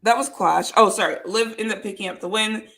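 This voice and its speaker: A woman's voice: mid-range voice, brisk. A woman co-hosting a casual podcast, talking loosely with plenty of ums and uhs. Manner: relaxed, lots of fillers like um and uh. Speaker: podcast co-host. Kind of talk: casual chat.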